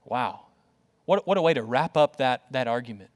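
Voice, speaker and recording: A man preaching a conversational, animated sermon, full of rhetorical questions, in a church auditorium. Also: mid-range voice, moderate pace, in a large hall. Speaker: pastor.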